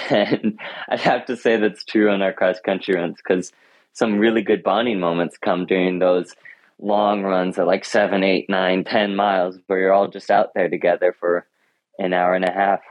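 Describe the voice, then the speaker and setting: A man's voice: low-pitched, flat delivery, moderate pace, dry recording. A teenage boy answering interview questions, earnest and reflective, often restarting his sentences. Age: teens. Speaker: high school runner, interview guest. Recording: dull lo-fi sound.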